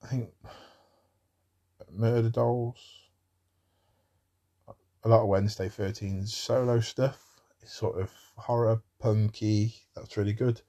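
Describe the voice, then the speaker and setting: A man's voice: lowish voice, little pitch movement, slow pace, long pauses, mellow, lo-fi sound. A man talking in a rambling casual monologue about music, with wry asides.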